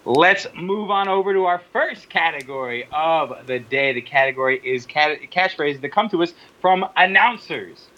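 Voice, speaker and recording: A man co-hosting a podcast in casual, joking chat, quick to laugh. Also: fairly high pitch, lively intonation. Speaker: podcast co-host. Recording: dull lo-fi audio.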